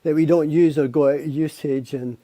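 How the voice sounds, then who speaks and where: A man's voice: on the high side, fairly even intonation, fairly quick, warm tone, dry recording. A Scottish man, a guest poet, chatting on a video call. He chuckles often and repeats words as he thinks. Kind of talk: casual chat on a live stream.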